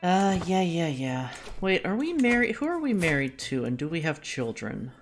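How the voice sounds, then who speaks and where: Low-voiced woman streaming a strategy game. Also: sing-song, normal speed, soft background music. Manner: chatty, thinks out loud while playing; self-deprecating, jokey asides. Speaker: VTuber streamer. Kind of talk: live game-stream commentary.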